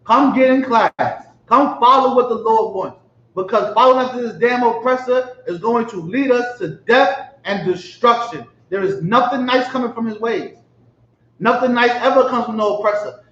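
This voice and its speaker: A man with a very high-pitched, slightly bright voice preaches at a normal pace in a street-style religious manner, pressing emphatic rhetorical questions and often asking whether his listeners understand. The recording is lo-fi and echoey, captured in a room.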